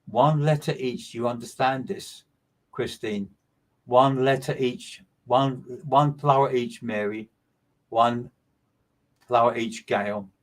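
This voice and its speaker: A man's voice: mid-range voice, slow. A man working as a medium, giving a live streamed reading in a repetitive, emphatic way and greeting listeners by name.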